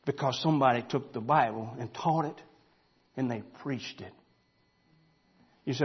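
A pastor, preaching a folksy sermon that builds to loud, emphatic shouting. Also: male voice, medium pitch, moderate pace, pauses often, husky, highs cut off.

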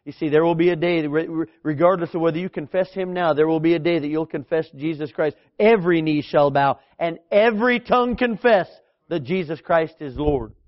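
A pastor preaching with a high, emphatic voice, often pausing on fillers and restarting his phrases. The recording sounds dull and lo-fi. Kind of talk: sermon.

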